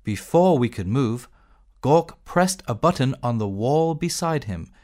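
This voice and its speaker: Man reading a textbook story slowly, voice going up and down a lot. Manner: slow, clear reading with a lively pitch. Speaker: textbook audio narrator. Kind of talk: scripted narration.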